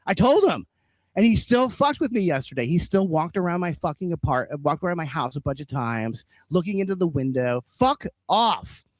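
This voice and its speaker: A man's voice: fairly high pitch, sing-song, brisk, darkish tone, no room sound. A man co-hosting a podcast, ranting in a heated, profane, casual chat. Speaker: podcast co-host.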